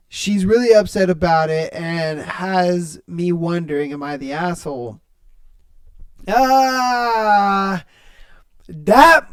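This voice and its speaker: Male podcast host, high voice, reads posts, then blunt and profane reactions. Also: smooth. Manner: profane, laughing, blunt slang. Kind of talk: reading and reacting to online posts.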